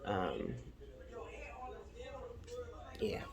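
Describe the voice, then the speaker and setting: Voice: drawn-out words, a crowd in the background. A crochet vlogger chatting casually and rambling aloud, out of breath as they talk through their market prep. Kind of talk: casual chat.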